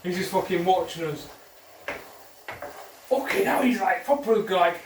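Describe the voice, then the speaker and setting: A high-voiced young man swears and jokes his way through a kitchen chat. He sits some way from the mic, and the room rings around him over a steady hum of noise. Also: moderate pace, long pauses. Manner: crude, swearing, joking. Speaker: co-host. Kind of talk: casual chat while cooking. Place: home kitchen. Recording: echoey kitchen, distant mic, noisy.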